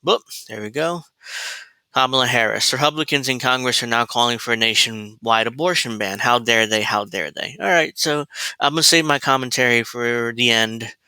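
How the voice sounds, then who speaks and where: A man's voice: medium pitch, moderate pace, pushed and bright, smooth, no echo, poor audio. A man delivering a heated, profane political rant as a commentator, repeating himself as he vents.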